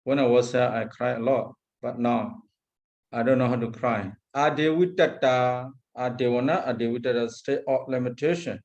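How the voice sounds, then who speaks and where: A man teaching as a Buddhist monk, lecturing on a Pali text, repeating terms and pausing often. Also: medium pitch, a little mellow, dull audio. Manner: slow, repeats Pali terms, frequent hesitations.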